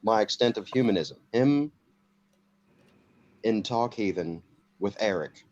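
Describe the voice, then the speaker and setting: A man's voice: on the low side, measured pace, darkish tone, lo-fi sound. A man joining a livestream by call, chatting in an easygoing way and swearing casually. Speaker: livestream guest.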